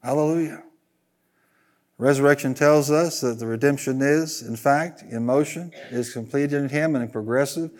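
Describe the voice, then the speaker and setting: A man's voice: medium pitch, moderate pace, few pauses. A man preaching a sermon as pastor, driving his points with repeated phrases and leading the congregation in call-and-response.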